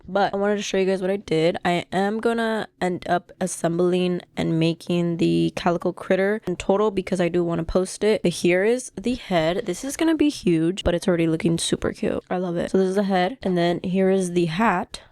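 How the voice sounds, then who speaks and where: A young woman vlogging casually from her bedroom about her crochet work, chatty and excitable, thinking aloud as she goes. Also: on the low side, no room sound, clean studio sound. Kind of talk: casual vlog chat. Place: bedroom at home.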